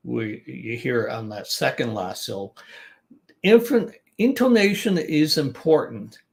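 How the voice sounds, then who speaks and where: A man's voice: mid-range voice, creaky, a bit bright. An older man coaching business English in a chatty talk, restarting sentences and repeating words to show their stress. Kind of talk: informal online teaching talk.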